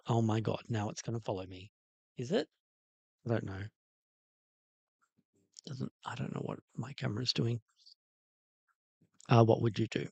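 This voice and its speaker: A man's voice: medium pitch, vocal fry, darkish tone, dry recording. A man hosting a casual livestream about doll restoration, talking in a rambling, hesitant way with many ums and uhs. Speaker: toy restoration livestream host. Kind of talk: casual livestream chat reacting to a video.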